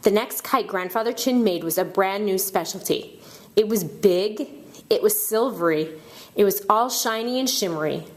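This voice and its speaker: A woman narrating a children's book aloud with expressive storytelling. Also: mid-range voice, moderate pace. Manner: expressive storytelling, shouting out characters' cries.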